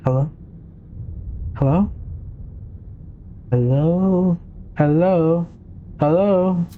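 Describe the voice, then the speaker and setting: A man voicing a small, sleepy, frightened ghost with a scratchy, deep little voice. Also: very slow, narrow, tinny audio. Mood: frightened calling.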